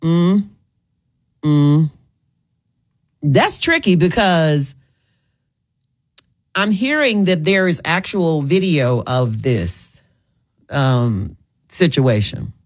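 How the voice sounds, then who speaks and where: Lively low-voiced woman host. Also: very slow, pauses often. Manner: chatty, emphatic, repeats herself. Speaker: radio talk show host. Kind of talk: call-in radio talk.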